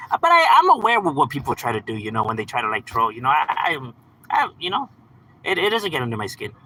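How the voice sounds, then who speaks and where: A man's voice: a little high, bright, forceful tone, a little hiss or hum, poor audio. A man hosting a livestream, reading out chat messages and answering in a laid-back, slangy, profane way with frequent laughs. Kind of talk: casual live chat.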